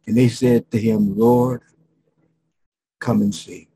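A middle-aged male pastor preaching a sermon, emphatic, with dramatic pauses and frequent restarts. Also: lowish voice, fairly even intonation, gravelly, mellow, slight background noise, low-quality recording.

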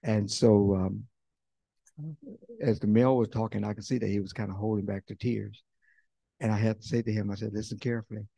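A man preaching a sermon as pastor, talking conversationally and swinging from loud bursts to hushed near-whispers. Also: lowish voice, flat delivery, a little fast, vocal fry, long pauses, no room sound. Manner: conversational preaching with fillers and quoted voices.

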